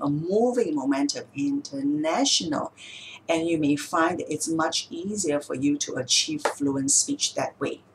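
Low-voiced woman explaining calmly. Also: a little hiss or hum, low-quality recording. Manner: patient, explains step by step with examples. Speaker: speech therapist. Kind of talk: explanatory video talk.

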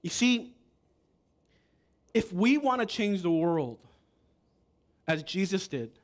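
A man preaching a sermon as pastor, animated and joking with the congregation. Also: high voice, takes it slowly. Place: church.

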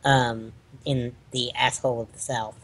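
Man, casual chat co-host, husky voice, halting delivery, many fillers. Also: mid-range voice, level tone, fairly bright tone. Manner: hesitant, filler-heavy storytelling. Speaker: podcast co-host.

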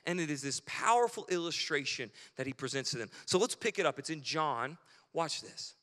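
A male pastor preaches a sermon in a relaxed, conversational style, often checking in with the congregation by asking "right?" His voice is fairly high, animated, bright and pushed, and he talks fairly quickly. The recording, made in a church sanctuary, carries a long hall reverb.

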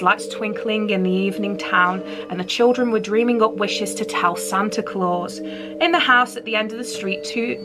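Playful woman reading a Christmas story. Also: medium pitch. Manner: playful, chatty asides. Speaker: storyteller, channel host.

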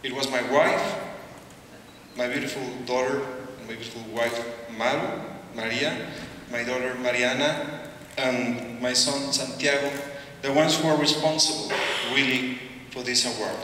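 A middle-aged man with a Mexican Spanish accent gives a halting acceptance speech with joking asides, often repeating his words. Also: mid-range voice, fairly even intonation, sharp tone, a little hiss or hum. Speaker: award recipient giving an acceptance speech. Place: large hall at an awards ceremony. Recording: echoey hall, voice from far off.

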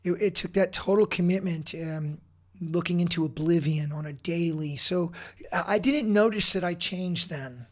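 A man in his forties, a guest on a podcast, tells an emotional personal story in a fairly high voice at a moderate pace. He comes across as intense and blunt, swearing and often restarting his sentences.

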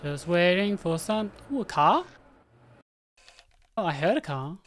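On the low side and sing-song, a woman's voice moves a little slowly through casual commentary on a horror game she's streaming. She chats with the characters and thinks aloud; there's slight background noise and faint game music.

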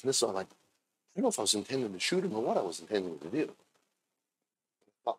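A man in his fifties preaching a sermon, moving between low, chatty storytelling and loud, shouted preaching. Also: lively intonation, fast talker. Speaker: pastor.

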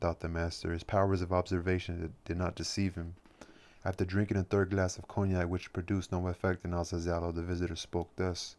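Very deep, flat-voiced male reader. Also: a little fast. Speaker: audiobook reader. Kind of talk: reading a novel aloud.

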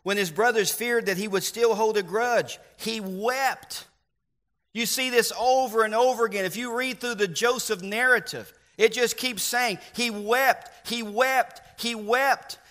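A man preaching a sermon as pastor, earnest, with slow emphatic stresses and repeated refrains. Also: high-pitched, bright, forceful tone. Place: church.

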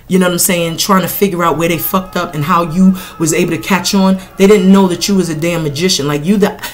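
A middle-aged woman giving a casual tarot reading in a blunt, animated, profane way. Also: lowish voice. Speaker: tarot reader.

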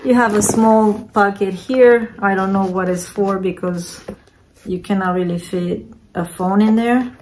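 A woman vlogger casually unboxing and reviewing secondhand handbags, talking in an unhurried, hesitant way with many fillers. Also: mid-range voice, fairly even intonation, background noise. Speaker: reseller vlogger.

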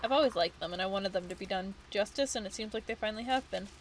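A woman's voice: medium pitch, fast talker, a little hiss or hum. A woman giving casual let's play commentary, chatty and thinking aloud, with the odd swear.

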